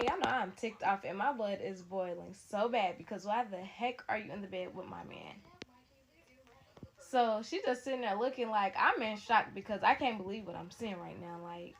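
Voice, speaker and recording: A young woman with a gravelly, creaky edge tells a personal story to camera, casual and dramatic, talking straight to her viewers. Her pitch sits in an ordinary middle range. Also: a little hiss or hum. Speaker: storytime vlogger.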